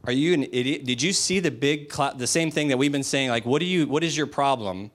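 A man's voice: medium pitch, fairly quick, natural voice. A man acting out an exasperated leader scolding his people in a sermon. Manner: blunt, exasperated.

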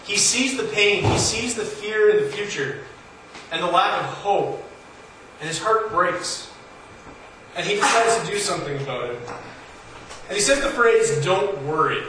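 An earnest preacher with a fairly high voice talks to his congregation in a plain, conversational way. His voice rises on the points he stresses. He sounds far from the mic, with a strong echo of a large room and a faint hum behind him. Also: animated, a little slow, pauses often, pushed and bright. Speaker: pastor. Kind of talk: sermon. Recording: echoey hall from far off, faint noise.

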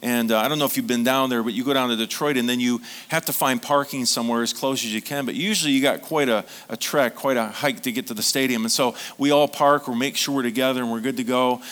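A man's voice: medium pitch, fairly even intonation, fast, hardly any pauses. Pastor guy, middle-aged, earnest sermon storytelling. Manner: earnest storytelling, becomes quiet and emotional.

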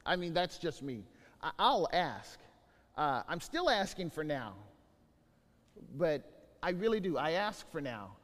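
A high, lively male voice delivering a sermon, jumping between loud exclaims and hushed asides. The sound carries a long reverb from a big hall. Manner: animated storytelling, swings from loud to quiet. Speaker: pastor.

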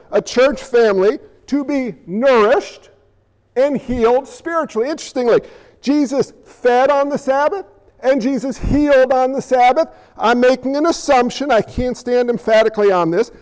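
A pastor preaching a sermon in a conversational style, firing off rhetorical questions and pausing for effect. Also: male voice, very high voice, darkish tone. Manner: conversational, asks rhetorical questions, dramatic pauses. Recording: long reverb in a large hall.

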